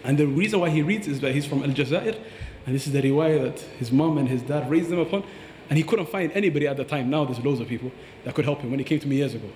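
A man's voice: a little high, fast, hardly any pauses, darkish tone, roomy sound, big-room sound, slight background noise. A man teaching about Quran recitation on a podcast, earnest and explanatory, demonstrating pronunciations aloud.

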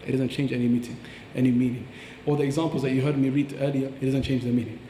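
A fast-talking man with a mellow voice explains recitation like a patient teacher, slipping into recited Arabic phrases. He sounds roomy, with a long reverb trailing his words in a large hall. Faint ambience sits behind him. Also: medium pitch, level tone, slight background noise. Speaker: Quran teacher. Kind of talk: podcast explanation.

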